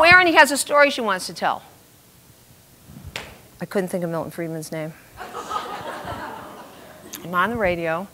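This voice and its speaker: An older woman telling a funny personal story to a live audience, lively and self-mocking, acting out the voices of the people in it. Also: medium pitch. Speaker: storyteller on stage.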